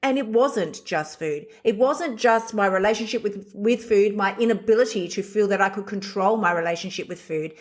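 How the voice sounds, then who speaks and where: A woman's voice: medium pitch, moderate pace, few pauses. A middle-aged woman hosting a podcast, speaking candidly and bluntly in a confessional solo monologue, swearing freely. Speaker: podcast host.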